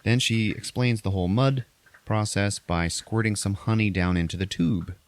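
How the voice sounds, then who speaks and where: A man hosts a podcast, retelling a movie plot in loose, profane chat and briefly acting out characters in exaggerated high voices. His voice sits low. The sound is dry and close, with no room around it. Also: steady tone, normal speed, dry recording. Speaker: podcast host recapping a movie. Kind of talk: casual chat.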